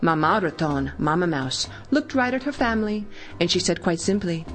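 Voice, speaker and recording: A woman hosting a children's show, reading a story aloud with lively expression. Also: lowish voice, moderate pace, faint music behind.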